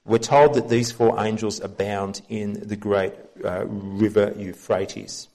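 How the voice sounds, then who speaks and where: A man preaching a sermon as pastor, teaching from the Bible in an earnest, measured way. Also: lowish voice, steady tone, creaky, a little mellow.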